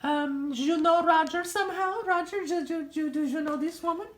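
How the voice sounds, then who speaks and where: A flustered, eager woman visitor rambles in a high, bright voice, as a woman puts her on. The line is recorded in an echoey room for a hobby voice drama. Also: normal speed. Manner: eager, rambling with long name lists.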